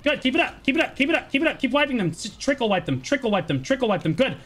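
A man's voice: very high-pitched, big pitch swings, rapid-fire, a bit bright, husky, faint music behind. A man calling the shots in a team game over voice chat, urgent and commanding, repeating every order and swearing. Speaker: guild shotcaller.

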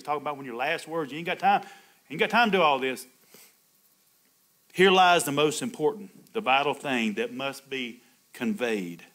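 In this sermon, a male preacher trades loud, high exclamations for soft, low asides, using a call-and-response approach and laughing between his points.

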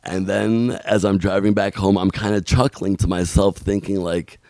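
A man with a low, gravelly voice recounts a story in an interview, blunt and animated, acting out other people's lines as he goes. The sound is close and dry, with no room around it. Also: moderate pace, dry recording. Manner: blunt, swears casually. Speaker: podcast guest.

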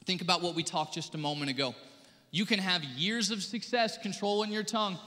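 A man preaching a sermon as pastor, animated and acting out the people he quotes. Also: high voice, a little fast, heavy background noise. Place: church sanctuary. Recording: church hall with long reverb.

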